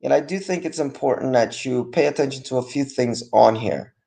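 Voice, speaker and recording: A male teacher reviewing vocabulary for an online class, stressing each term loudly and explaining it over a video call. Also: medium pitch, a little fast, gravelly. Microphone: computer mic on a video call with screen sharing.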